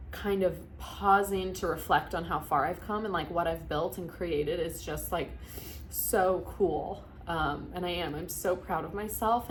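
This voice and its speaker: Emotional young woman vlogging, lowish voice. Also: a little hiss or hum. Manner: emotional, laughing through tears, many likes and restarts. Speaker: vlogger and virtual assistant business coach. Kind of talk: casual reflective talk to camera.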